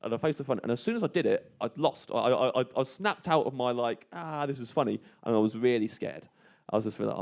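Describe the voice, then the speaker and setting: A man's voice: mid-range voice, lively intonation, fast, gravelly, few pauses. Male comic storyteller, rambling and self-deprecating, mid-range voice, live on stage. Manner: hushed and tense when re-enacting fear. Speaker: comedian guest telling a story.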